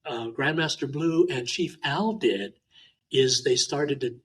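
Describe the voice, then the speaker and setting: A man from Hawaii, a martial arts teacher, chatting in an interview and telling lively anecdotes with frequent uh fillers. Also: medium pitch, slow pace, husky, rough recording. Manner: animated, talkative anecdotes with many uh fillers. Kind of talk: casual interview storytelling.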